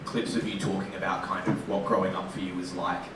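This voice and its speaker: Male reporter, very low voice, winding question, far off in a very echoey, noisy room. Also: level tone, a little fast. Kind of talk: press conference question. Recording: very echoey room, distant mic, background noise.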